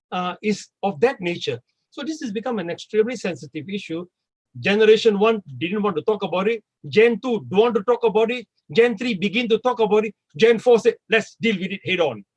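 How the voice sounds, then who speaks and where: High-voiced man speaking on a panel. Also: poor audio. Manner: animated, questioning, voices imagined speakers. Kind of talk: discussion talk.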